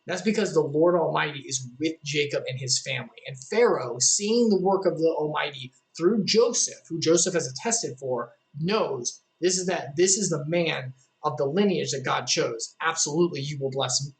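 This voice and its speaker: A streamer works through a Bible passage in casual, chatty commentary. The reading runs at a middling pitch, and the speaker often breaks off for quick asides and jokes. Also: lively intonation, poor audio. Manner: conversational, joking asides, many "like" fillers. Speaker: streamer leading a devotional.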